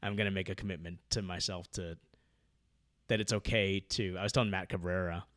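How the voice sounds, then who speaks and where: A man chatting casually about his training, rambling with lots of fillers and getting loud when excited. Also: sits low, brisk, no echo, studio quality. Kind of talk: casual podcast chat.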